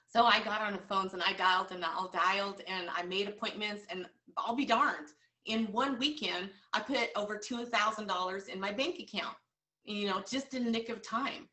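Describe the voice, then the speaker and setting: A woman's voice: mid-range voice, moderate pace, pushed and bright, recorded from a distance. A woman giving a motivational training talk to sales agents, earnest and repetitive, with many fillers. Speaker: team leader coaching sales agents.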